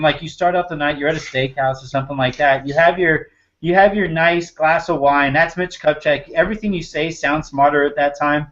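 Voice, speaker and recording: Male panelist, fairly high voice, jokey and riffing, slightly muffled recording. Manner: jokey, laughs often, builds long comic comparisons. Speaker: sports podcast panelist. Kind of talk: casual chat.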